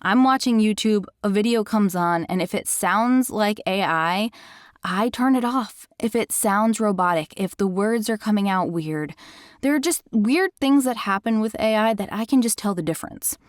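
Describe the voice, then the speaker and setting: A woman who works as an audiobook narrator, hosting a casual software tutorial in a chatty, enthusiastic way. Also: medium pitch, moderate pace, no echo, clean studio sound. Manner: chatty and enthusiastic, self-described critical listener.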